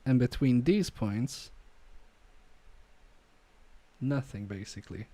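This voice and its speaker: A man's voice: mid-range voice, lively intonation, normal speed, warm tone, no echo. A man streaming an electronics repair live, muttering to himself and joking with viewers about his own mistakes. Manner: muttering to himself and chatting to viewers, self-deprecating.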